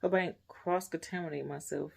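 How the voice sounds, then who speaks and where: A woman's voice: low voice, steady tone, brisk, gravelly. A stressed woman vlogging casually, rambling anxiously and often dropping to near whispers. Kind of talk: casual personal vlog.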